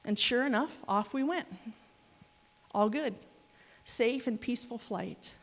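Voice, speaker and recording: Woman preacher, fairly high voice, animated anecdotal delivery, long hall reverb. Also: a little slow. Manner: animated storytelling with laughs and asides. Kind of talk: sermon.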